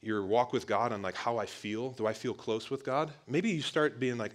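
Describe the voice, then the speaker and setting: A man's voice: on the low side, expressive, moderate pace. A man preaching a casual sermon to a young audience, talking conversationally, often calling listeners "guys" and restarting phrases.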